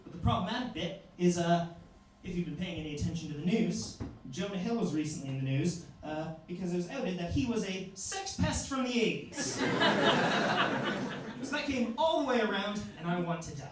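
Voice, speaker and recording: A man in his twenties doing a stand-up set in a comedy club, telling stories deadpan and acting out hecklers. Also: high-pitched, moderate pace. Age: 20s. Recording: live club room, echoey, distant mic, audible noise and laughter.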